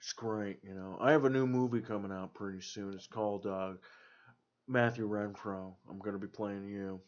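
A man's voice: lowish voice, fairly even intonation, normal speed. A young man co-hosting a podcast, joking around in casual banter and slipping into impressions. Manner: joking, slips into celebrity impressions. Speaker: podcast co-host. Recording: dull lo-fi podcast audio.

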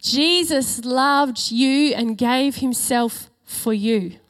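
A woman with a high, light voice delivers a church sermon. She is earnest and emphatic, leaning on key phrases and drawing them out slowly for weight. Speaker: preacher.

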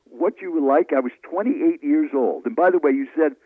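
A man, a speaking coach telling animated stories in an interview. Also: a little high, normal speed, no room sound. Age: 70s. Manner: lively, animated storyteller acting out dialogue. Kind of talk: storytelling interview answers. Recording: tinny phone-line audio, dry.

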